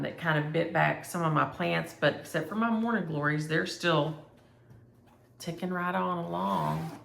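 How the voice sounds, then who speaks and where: A woman's voice: low voice, gravelly, a bit bright, reverberant, slight background noise. A woman chatting casually and rambling as she shows her cross-stitch projects to viewers. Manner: chatty, rambling, thinks aloud. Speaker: flosstube host.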